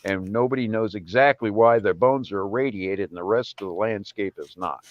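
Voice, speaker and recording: A man with a lowish voice tells rambling stories in a loose, casual way, laughing now and then. The audio is dry and slightly dull, like a home call line with the high end cut. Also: normal speed, dry recording. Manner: rambling storyteller, laughs often. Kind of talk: casual chat.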